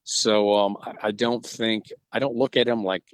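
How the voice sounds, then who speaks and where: A man's voice: lowish voice, fairly even intonation, normal speed, smooth, no room sound. A middle-aged man from Georgia, telling a story on a video call and acting out the voices in it with many restarts. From Georgia, USA. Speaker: interview guest, museum owner. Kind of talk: storytelling in a casual interview.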